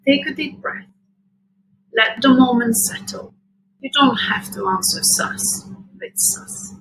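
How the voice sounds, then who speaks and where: A woman hosting a parenting show, giving scripted advice in a calm, measured, reassuring way. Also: high-pitched, a little hiss or hum, rough recording. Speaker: podcast host.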